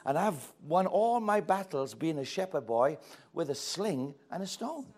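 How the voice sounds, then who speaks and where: A man's voice: a little high, unhurried. A man preaching a sermon, telling a story with great animation and acting out its characters' voices. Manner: animated storytelling, acting out voices with big swings from quiet to loud.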